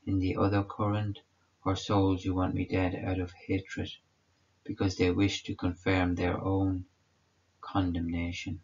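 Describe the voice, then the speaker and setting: A man voicing a suffering man of sorrows who speaks tenderly in a hushed, solemn and measured way. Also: low voice, completely flat delivery, slightly rough, exaggerated voice. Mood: sorrowful. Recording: dull lo-fi recording.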